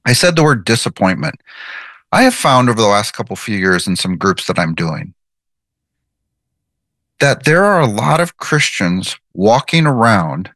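Earnest male Bible teacher, lively pitch. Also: measured pace, long pauses, no echo. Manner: earnest, emphatic, repeats key phrases.

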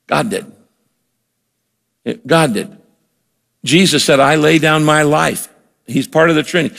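A man's voice: a little high, gravelly, a bit bright. An older man preaching a sermon as a pastor, earnest and emphatic, often repeating words and acting out quoted lines. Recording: long hall reverb.

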